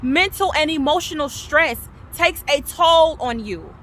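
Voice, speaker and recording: A woman, telling her personal testimony with passion, repeating herself and swinging from loud to low. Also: lively intonation, unhurried. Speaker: vlogger sharing her testimony.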